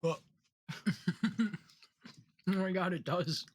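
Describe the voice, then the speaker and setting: A man co-hosting a casual podcast chat, relaxed, laughing often and trailing off into restarts. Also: sits high, drawn-out words. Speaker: podcast co-host.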